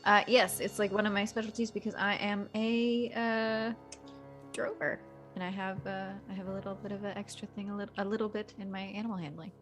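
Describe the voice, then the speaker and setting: A woman's voice: mid-range voice, fairly even intonation, brisk, soft background music. A woman playing a tabletop game, describing her character's actions casually with lots of fillers. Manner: chatty, with many fillers. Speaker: player. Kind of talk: casual role-play chat.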